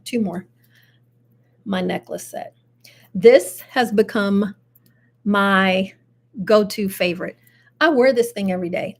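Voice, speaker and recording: An older woman hosting a casual live chat show, chatty and animated with frequent laughs. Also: a little high. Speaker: host.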